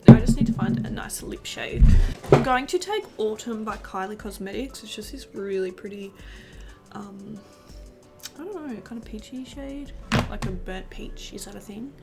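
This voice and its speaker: A woman's voice: medium pitch, expressive, normal speed, gravelly, over loud music. A 19-year-old woman, a beauty vlogger, chatting casually while doing her makeup, gushing and rambling with lots of fillers.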